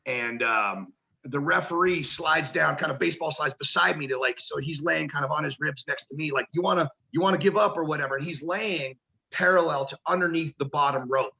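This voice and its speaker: Gravelly, bright-voiced man telling wrestling stories. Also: fairly high pitch, normal speed, dull audio. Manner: animated storyteller who acts out quotes and swears casually. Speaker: guest, professional wrestler. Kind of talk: casual interview storytelling.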